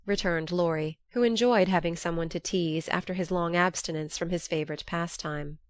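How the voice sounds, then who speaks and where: Woman reading a classic novel aloud, lowish voice, steady and measured, dry close mic. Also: dry recording. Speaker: audiobook narrator. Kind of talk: scripted narration.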